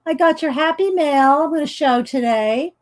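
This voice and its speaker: Speaking at a normal speed in a high voice, this Southern American woman runs a relaxed morning art live stream. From a home studio with the windows open, she chats, laughs a lot and calls out viewers by name.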